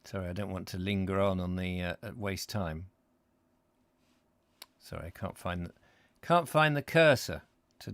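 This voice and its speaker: A man's voice: lowish voice, a bit bright, dry recording. A man hosting a live book reading, reading expressively and breaking off for casual asides. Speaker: host, book reader.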